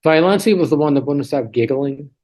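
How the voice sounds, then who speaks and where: He's a man in his 30s being interviewed over video call, with a fairly high, slightly mellow voice that runs a little fast. Chatty and self-mocking, he tells casual stories packed with restarts and side comments, all on poor audio.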